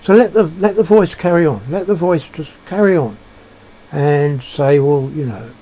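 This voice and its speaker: A man giving a reflective monologue, halting and searching for words with frequent restarts. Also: a little high, warm tone. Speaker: speaker sharing personal beliefs.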